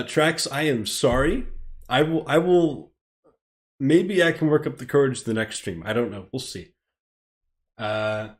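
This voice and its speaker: A man with an American accent, reading a script aloud on a live stream and rambling in self-deprecating asides. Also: medium pitch. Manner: rambling and self-deprecating, chuckling between phrases. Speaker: streamer, host.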